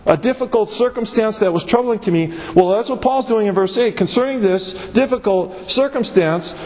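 A man preaching from the pulpit in a high, emphatic voice, slowing down to stress each scripture phrase. His words ring out with a long reverb from the large hall around him. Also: a little mellow. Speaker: pastor. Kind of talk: sermon.

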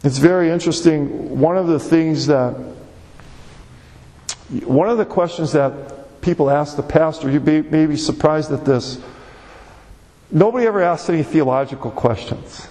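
Male pastor, fairly high voice, emphatic conversational preaching, long hall reverb. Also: normal speed, pauses often, warm tone. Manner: conversational and emphatic, repeats words when pressing a point. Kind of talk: sermon.

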